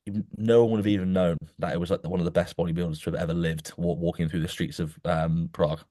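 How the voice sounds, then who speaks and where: Young podcast host, low-pitched, animated rambling storyteller, dry close sound. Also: male voice, quick pace, no room sound. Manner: animated storyteller, many restarts, keeps saying "mate". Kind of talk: casual chat.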